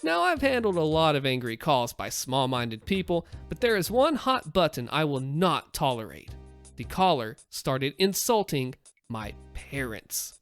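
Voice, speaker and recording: A man's voice: fairly high pitch, very animated, a little slow, fairly bright tone, faint music behind. A man reading internet stories aloud as the narrator, with a wry storytelling delivery.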